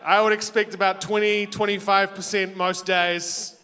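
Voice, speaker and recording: High-voiced foreign-accented man hosting a talent show. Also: flat delivery, moderate pace, music in the background. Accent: non-American. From outside the United States. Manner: self-deprecating, rambling jokes. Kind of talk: joking stage hosting. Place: stage in a hall with audience. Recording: long hall reverb.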